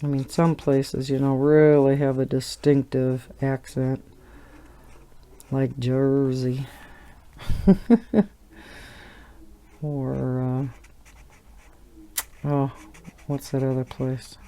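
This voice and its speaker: A woman's voice: extremely low pitch, flat delivery, extremely slow, pauses often, warm tone. A middle-aged woman with a Wisconsin accent, chatting casually and rambling while she colors, laughing now and then. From Wisconsin, USA. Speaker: coloring channel host.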